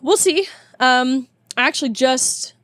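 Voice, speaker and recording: A woman's voice: high voice, unhurried, fairly bright tone, dry recording. A young woman in her twenties, a guest in a casual interview, speaking in a chatty, emphatic way. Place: tour bus.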